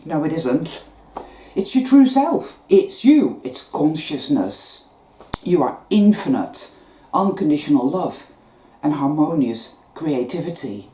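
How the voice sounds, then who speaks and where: In an echoey room, a woman spiritual vlogger delivers an intense, emotional monologue with a deep, mellow voice. She gasps at times and swears now and then.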